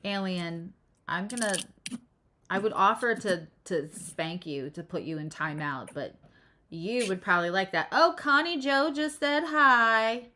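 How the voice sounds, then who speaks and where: A woman's voice: medium pitch, measured pace, pushed and bright, slight background noise. A middle-aged woman hosting a live stream, chatting casually, laughing often and reading comments aloud. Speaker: live-stream host and astrologer.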